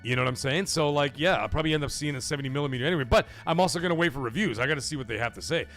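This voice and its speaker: A man from Canada hosts a casual livestream at a middling pitch and reads chat messages aloud. He rambles and swears freely, his energy swinging between high and low. Faint music plays underneath. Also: rapid-fire, fairly bright tone. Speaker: livestream podcast host.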